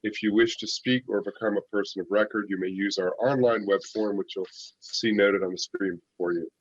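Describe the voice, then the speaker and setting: A man's voice: lowish voice, fairly even intonation, brisk, dry recording, muffled recording. A man chairing a public planning board meeting, running through procedure steadily with filler uhs. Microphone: virtual call.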